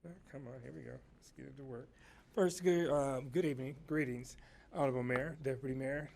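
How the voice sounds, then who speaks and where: A man's voice: mid-range voice, fairly even intonation, fairly quick, gravelly, darkish tone, slight background noise. A man giving a polite, formal public comment at a city council meeting, with many fillers such as um and uh. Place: council chamber.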